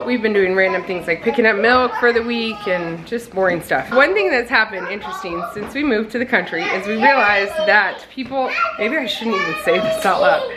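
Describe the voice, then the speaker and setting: A woman's voice: mid-range voice, expressive, brisk, hardly any pauses, background noise. A woman in her thirties from Nebraska, chatting casually to camera in a family vlog and laughing often. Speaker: vlogger, mother.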